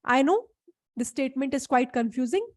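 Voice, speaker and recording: High-voiced woman teaching a live class. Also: lively intonation, normal speed, darkish tone, no echo. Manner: explains step by step, checks in with students. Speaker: instructor. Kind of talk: live online class lecture.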